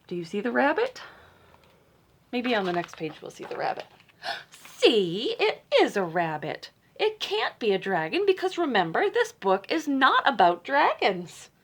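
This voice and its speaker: A woman librarian reading a picture book aloud to children, playful and teasing, with dramatic gasps and hushed asides. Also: a little high, huge pitch swings, unhurried.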